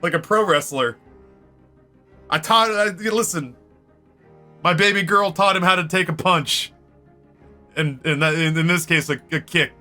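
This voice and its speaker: A man with a bright, fairly high voice spins a rowdy tale while streaming a game. He swears freely and breaks into laughs. Faint music plays behind him. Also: unhurried, pauses often. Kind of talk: casual storytelling during a game stream.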